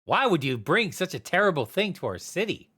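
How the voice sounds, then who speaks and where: A brash little male city rat, perched a few notes above the performer's usual voice and pushing forward louder. He rattles off quick, teasing questions with a cocky swagger, as a man puts him on at the game table. Lively and bouncy in his pitch. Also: slightly rough, heavily acted. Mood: indignant. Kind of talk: tabletop role-play voice.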